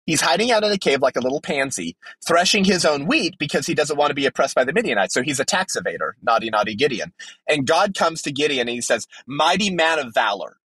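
Fervent, husky-voiced man preaching. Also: expressive, fast, a bit bright, no room sound, low-quality recording. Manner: fervent, emphatic, with sudden leaps in pitch. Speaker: podcast guest. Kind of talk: impassioned preaching-style commentary.

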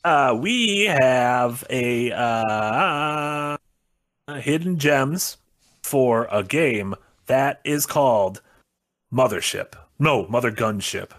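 A man co-hosting a stream in casual chat, talking in a chatty way that speeds up when he gets excited. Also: mid-range voice, drawn-out words, no room sound. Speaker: stream co-host.

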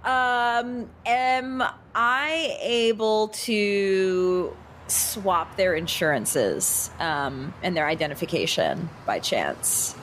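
A woman's voice: medium pitch, very slow, a bit bright, slight background noise. A woman playing in a tabletop role-playing game, asking the game master polite, tentative questions. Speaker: player. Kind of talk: casual chat during a tabletop game.

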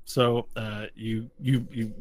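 A man's voice: medium pitch, level tone, slow. A man narrating as game master of a tabletop game, rambling with frequent restarts. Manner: rambling, restarts often, laughs along.

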